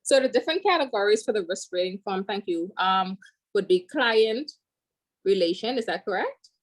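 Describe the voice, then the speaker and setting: A woman's voice: mid-range voice, expressive, normal speed, poor audio. A woman student answering her instructor in an online class, hesitant and apologetic, laughing when caught off guard. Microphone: video call.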